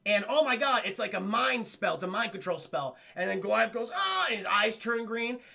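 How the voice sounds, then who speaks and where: A young man retells a cartoon episode to his chat in a high, bright voice with plenty of gravel and fry. He swears freely and leaps up and down in pitch whenever he quotes a character, keeping it loose and animated. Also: a little fast. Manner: animated, profane, swoops up and down the pitch when quoting characters. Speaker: cartoon reviewer streaming to chat.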